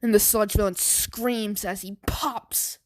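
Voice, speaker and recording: Slow, hesitant woman telling a fan story. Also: mid-range voice, fairly even intonation, darkish tone. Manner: hesitant, filler-heavy, stammering. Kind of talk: improvised fan story narration.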